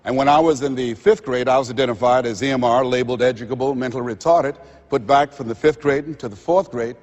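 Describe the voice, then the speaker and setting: A man's voice: medium pitch, fast, a little mellow. Male speaker from Miami, earnest testimony, muffled sound in a reverberant hall. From Miami, Florida. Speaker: motivational speaker. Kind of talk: personal testimony speech. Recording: dull recording in a reverberant hall.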